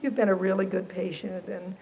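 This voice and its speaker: Woman doing a calm, gentle male doctor. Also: mid-range voice, fairly quick, big-room sound, lo-fi sound, a little hiss or hum, voice pushed down, lightly acted. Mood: grave, gentle. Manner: hesitant, careful, gentle.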